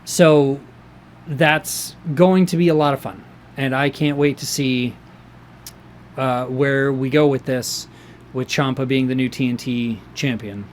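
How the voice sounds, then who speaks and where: A man reviewing a wrestling show in casual chat, excitable and rambling, with many fillers and restarts. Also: mid-range voice, unhurried, slight background noise.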